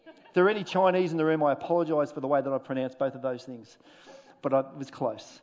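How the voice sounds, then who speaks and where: A man preaching a sermon as pastor, animated and humorous with dramatic pauses. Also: medium pitch, lo-fi sound. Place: church auditorium.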